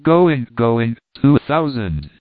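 A man's voice: medium pitch, sing-song, slow, no room sound. A man voicing a persuasive auctioneer calling out bids. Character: auctioneer, male, pleading and persuasive. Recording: thin phone-like dry sound.

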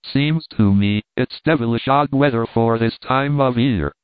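A man reading a story aloud, voicing a tiny, smug, mold-covered dwarf who speaks with a slow, mocking drawl. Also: medium pitch, clean tone, no room sound, highs cut off, lightly acted. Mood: sneering. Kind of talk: audiobook reading.

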